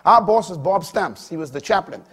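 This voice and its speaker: A middle-aged male preacher with a husky, somewhat high voice delivers a sermon. He swings between loud, emphatic proclamations and quiet asides. His voice stays husky throughout. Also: animated, normal speed.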